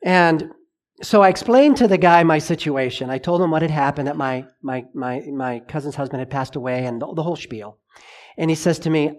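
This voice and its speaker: A middle-aged man preaching a sermon, telling a personal story with lively acted-out dialogue. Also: a little high, fairly quick. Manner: animated storyteller, acts out dialogue.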